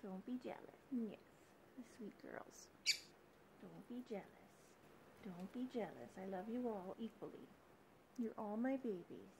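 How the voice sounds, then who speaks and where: A woman chatting to her pet birds at home beside their cage, in soft, sing-song baby talk with frequent small laughs. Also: medium pitch, a little slow, gravelly, noisy background.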